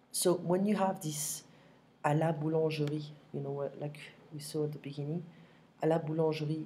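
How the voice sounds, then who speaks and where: A woman gives a patient, repetitive online lesson in a low voice. She records at home on her computer microphone, and faint clicks and keyboard typing come through in the background. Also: steady tone, mellow, slight background noise. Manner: patient, repeats phrases slowly, frequent "okay?". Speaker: French teacher. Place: home, next to her kitchen.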